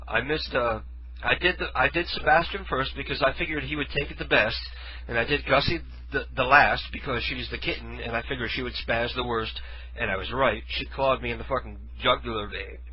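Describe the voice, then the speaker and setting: A man's voice: medium pitch, husky, lo-fi sound. A man hosting a radio show, telling a rambling story in casual chat and correcting himself as he goes. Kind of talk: casual storytelling with running commentary.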